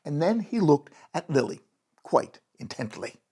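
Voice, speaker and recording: A storyteller reading a bedtime story aloud in a gentle, animated way, with a gravelly, breathy voice. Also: mid-range voice, a little slow.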